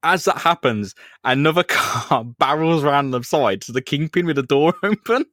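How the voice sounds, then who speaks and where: A man's voice: fairly high pitch, expressive, moderate pace, a bit bright, no echo, studio quality. Laughing man retelling a comic. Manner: laughing often, acting out characters in bursts. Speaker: podcast co-host. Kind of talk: casual comic chat.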